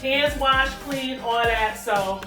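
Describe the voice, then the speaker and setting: A woman's voice: high voice, slow pace. A woman cooking in her home kitchen and chatting playfully with viewers. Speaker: cooking vlogger. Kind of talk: casual cooking chat. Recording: echoey kitchen, mic at a distance, music behind.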